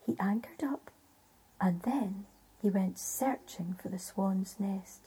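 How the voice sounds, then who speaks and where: A woman storyteller with a Scottish accent, telling a folk tale in a hushed, half-whispered way. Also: mid-range voice, slow pace, husky.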